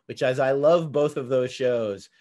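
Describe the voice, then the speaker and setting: A man's voice: medium pitch, a little mellow. A middle-aged man with a New Jersey accent, hosting a podcast in casual, jokey conversation. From New Jersey, USA. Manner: chatty, jokey, slips into quick impressions. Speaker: podcast host.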